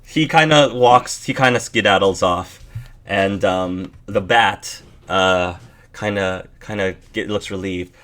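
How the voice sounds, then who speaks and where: A man narrating as game master in a tabletop role-play game, halting with many fillers. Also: deep voice, fairly bright tone. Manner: halting, filler-heavy, laughing.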